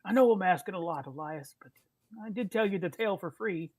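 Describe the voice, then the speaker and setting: A man doing a jittery, hushed old sailor. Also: high voice, animated, fairly quick, dry recording, low-quality recording. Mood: sheepish. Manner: nervous, stammering, hushed. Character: timid, rambling old male sailor.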